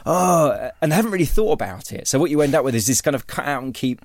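A man's voice: medium pitch, very animated, very fast, darkish tone, dry recording, clean studio sound. A man, an author and writing teacher, explaining ideas in a conversational interview, rambling with many restarts and repeated words.

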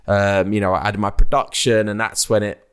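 A man's voice: on the low side, brisk, clear, resonant tone. Chatty man telling stories. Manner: chatty, animated storytelling with impressions. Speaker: music artist guest. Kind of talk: casual interview chat.

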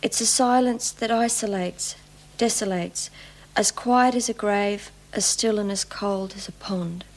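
An actress plays an earnest young prisoner reading a poem aloud. She takes it at a slow, unhurried pace, each line measured and solemn. The sound is a clip from a television drama. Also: mid-range voice, fairly even intonation, lightly acted, low-quality recording.

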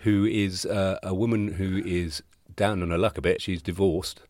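A man's voice: deep voice, fairly even intonation, normal speed, a little mellow, dry recording, clean studio sound. A man co-hosting a casual book chat, thoughtful and hesitant with restarts. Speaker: podcast co-host.

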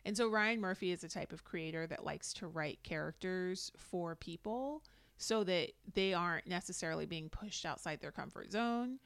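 Lively low-voiced woman recapping TV. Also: normal speed, clear, resonant tone, no room sound. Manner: animated, laughs often, puts on quoted voices. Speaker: podcast co-host. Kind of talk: casual recap chat.

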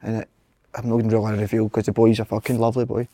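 A man's voice: on the low side, level tone, rapid-fire, mellow, no echo. A Scottish man co-hosting a football podcast, talking in sweary, mumbled banter. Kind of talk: casual football chat.

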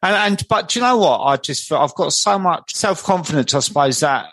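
A man's voice: a little high, expressive, fairly quick, a bit bright, no room sound. A man hosting a podcast, chatty and supportive, asking his guest follow-up questions. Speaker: podcast host. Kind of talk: casual podcast interview.

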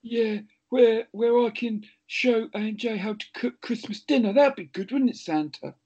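A man co-hosting a podcast in casual chat, with a teasing, deadpan manner. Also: high voice, moderate pace, husky, highs cut off.

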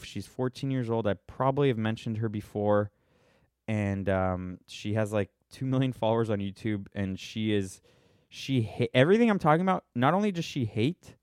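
A man's voice: medium pitch, a little mellow, smooth, dry recording. Guy in his 30s ranting on his own live podcast, sarcastic, keeps restarting, dry close sound. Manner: rambling, sarcastic, trailing restarts. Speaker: podcast host. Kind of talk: livestreamed monologue.

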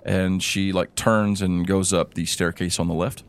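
A man's voice: sits low, level tone, measured pace, clear, resonant tone. A man narrating a tabletop game as game master, rambling with fillers.

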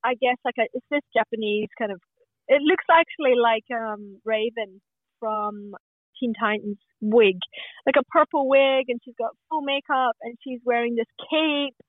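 A woman's voice: fairly high pitch, moderate pace, no room sound. Woman on a tinny phone line. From Scotland. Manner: open, chatty, many restarts and fillers. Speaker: guest. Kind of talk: casual podcast conversation.

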